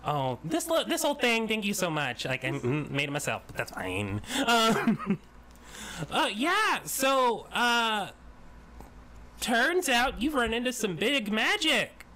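A man's voice: fairly high pitch, wildly swooping pitch, a little slow, fairly bright tone, a little hiss or hum, exaggerated voice. A man voicing a tiny, bossy woman in gold finery who gushes over friends and snaps at guards. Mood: gushing. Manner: gushing, then snapping orders.

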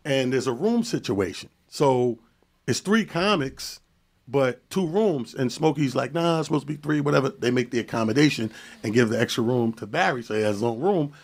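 A male comedian telling a story on a podcast in an animated, profane way, acting out the dialogue. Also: mid-range voice, normal speed. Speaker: comedian guest.

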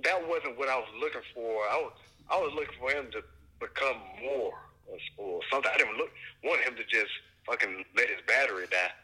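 A man's voice: mid-range voice, a little fast, bright, forceful tone, husky. A man co-hosting a podcast from a remote phone line, chatting casually and joking in a laid-back way. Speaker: podcast co-host. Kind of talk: casual chat.

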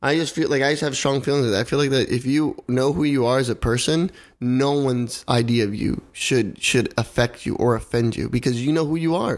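A young man ranting in a casual podcast conversation. His voice sits at an ordinary middle pitch. He talks heatedly, curses freely and hammers his points home by repeating them. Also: brisk. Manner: heated, swearing, repeats himself for emphasis. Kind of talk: casual opinionated chat.

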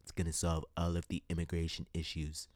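A man's voice: deep voice, monotone, brisk, darkish tone, dry recording, pitched below the performer's own voice, lightly acted. A man doing a bragging old politician. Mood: boastful. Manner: repetitive bragging promises. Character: boastful older male politician, vague and grandiose.

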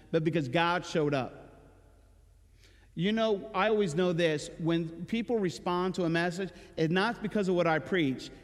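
Conversational male pastor preaching in a hall. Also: sits high. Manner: conversational preaching with rhetorical questions. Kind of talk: sermon. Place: church. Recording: reverberant church hall with loud music.

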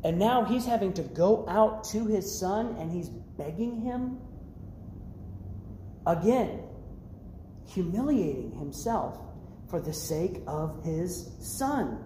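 Animated high-voiced man preaching in echoey hall. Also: takes it slowly, long pauses, slight background noise. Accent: American. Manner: animated, acts out the characters' lines, casual slang. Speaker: youth pastor. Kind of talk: sermon. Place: church hall.

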